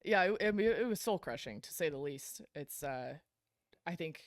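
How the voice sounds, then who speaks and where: A woman's voice: sits low, expressive, normal speed, no echo, studio quality. A woman guest on a podcast, telling her story in a blunt, frank way, swearing casually and laughing between lines. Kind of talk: candid storytelling interview.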